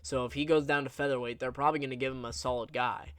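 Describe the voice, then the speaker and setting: A man's voice: mid-range voice, steady tone, fast, fairly bright tone, no room sound. Young male recap host, casual and blunt, mid-range voice, dry close sound. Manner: rambling, blunt, with crude jokes. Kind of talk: casual commentary.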